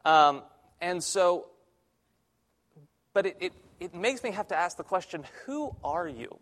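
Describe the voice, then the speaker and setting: A man's voice: high voice, a little slow, a bit bright. Young man preaching with wry humor. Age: young adult. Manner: conversational, self-deprecating humor. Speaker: church intern preaching. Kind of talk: sermon. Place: church sanctuary.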